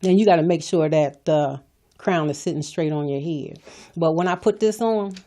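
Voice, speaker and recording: Speaking at a moderate pace, a woman with a low, dark-toned voice hosts a motivational podcast. She's middle-aged, from California, and hammers home her message in a preachy way, restating each point.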